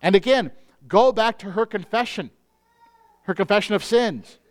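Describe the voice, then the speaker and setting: A male pastor preaching a sermon in an earnest manner, slowing down on key phrases. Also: high voice.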